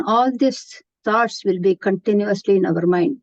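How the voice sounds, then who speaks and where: A woman's voice: medium pitch, normal speed, darkish tone, no room sound. A woman giving an earnest, explanatory spiritual lecture, often restarting her sentences. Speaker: Gita teacher. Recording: dull, dry lo-fi recording.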